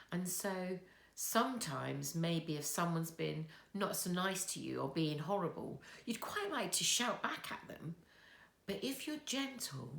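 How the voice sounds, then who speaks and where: A woman giving a soft, slow children's talk at church, telling a story with many pauses. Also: on the low side, creaky. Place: church hall. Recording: echoey church room.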